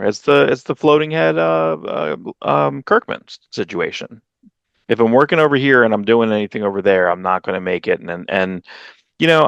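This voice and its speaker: A man with a low voice co-hosts a comics podcast, telling a long story in loose, rambling chat. He acts out other people's lines with sudden high jumps in pitch. The sound is dry and close, with no room echo. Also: creaky, clean tone, dull audio. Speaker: podcast co-host. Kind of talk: casual chat.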